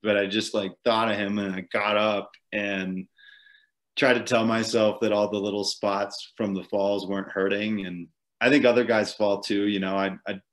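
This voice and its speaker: The voice is fairly low with a flat delivery at normal speed. He's an ultrarunner guesting on a podcast, casually telling the story of a long race in a rambling way, chuckling often and using plenty of fillers.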